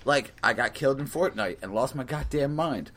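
A young man telling a comedic story in an animated, profane rant, acting out his own lines. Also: medium pitch, moderate pace. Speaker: storyteller host.

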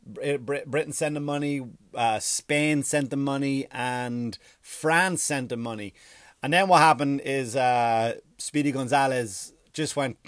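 A man from Ireland, telling a rambling, profane mock history with deadpan jokes and silly put-on voices. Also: medium pitch, a little slow, no echo, studio quality. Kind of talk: comedic storytelling monologue.

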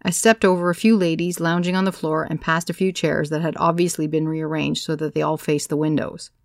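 A woman narrating a first-person story as an audiobook, in a measured, wry storytelling manner. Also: low-pitched, flat delivery, gravelly, dry recording, studio quality.

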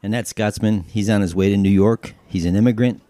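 A man hosting his own podcast, telling jokes casually and popping into character voices and shouted punchlines. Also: on the low side, fairly even intonation, a little fast, slight background noise. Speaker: podcast host.

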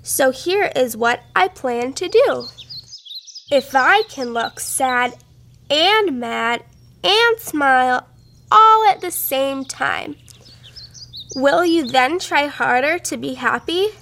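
A bright, eager little girl from a storybook, high and sunny in tone, voiced by a woman reading aloud. She speaks in an unhurried way, with a faint gravelly edge to the voice. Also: lively intonation, slight background noise, exaggerated voice. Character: cheerful little girl eager to cheer people up.

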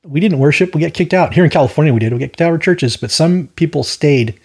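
Brief: male Bible study host, husky, slightly high voice, rambling and opinionated, repeats his words. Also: fast, darkish tone. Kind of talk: verse-by-verse Bible teaching.

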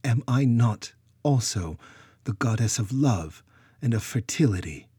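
A man's voice: mid-range voice, lively intonation, a little slow, warm tone, husky, dry recording, clean studio sound, voice pushed up. A man voicing a proud, commanding goddess queen who speaks sternly. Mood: regal, stern. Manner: stern, regal.

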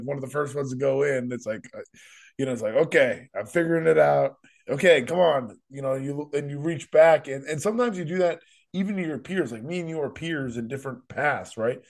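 A man's voice: medium pitch, darkish tone. A man hosting a podcast, rambling emphatically and repeating himself in casual chat. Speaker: podcast host.

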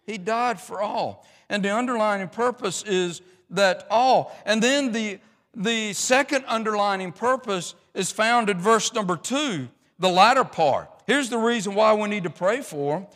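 High-voiced preacher in an echoey church. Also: male voice, unhurried, a bit bright. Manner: folksy, rambling, many restarts and fillers. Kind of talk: sermon.

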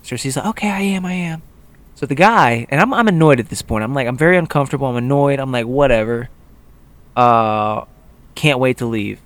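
A young man co-hosting a casual podcast, telling a rambling story in a mid-pitched voice. He keeps jumping into the voices of the people in it, quoting them with lively emphasis. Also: fairly quick. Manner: animated, acts out quotes of others. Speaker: podcast co-host.

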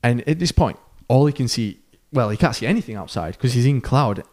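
A man's voice: mid-range voice, a little fast. A man co-hosting a podcast, telling a long story in a casual way and acting out the voices of the people in it. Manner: animated storyteller who acts out quoted voices, with fillers. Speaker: podcast co-host.

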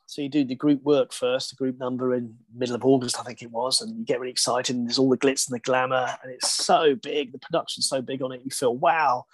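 A man, a broadcaster and interview guest, tells a story in a lively, self-deprecating way and laughs often. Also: medium pitch, no room sound.

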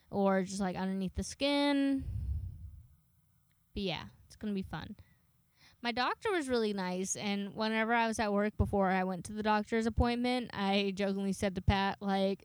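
A woman's voice: medium pitch, clean tone, no echo, studio quality. A young woman casually telling a story, swearing often and acting out the people she talks to. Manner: chatty, swears a lot, dramatic retelling of dialogue.

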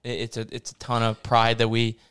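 A young man chats on a casual podcast. His voice is clean and smooth, and his pitch sits mid-range. He jokes and rambles through loose theories. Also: completely flat delivery, a little fast, fairly bright tone. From Delaware County, Pennsylvania. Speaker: podcast co-host. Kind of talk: casual chat.

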